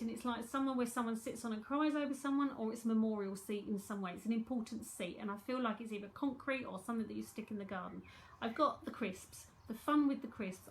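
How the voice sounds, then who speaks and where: A woman's voice: on the high side, slight background noise. A woman with a London accent giving a chatty live psychic tarot reading from home, repeating herself as she talks to viewers.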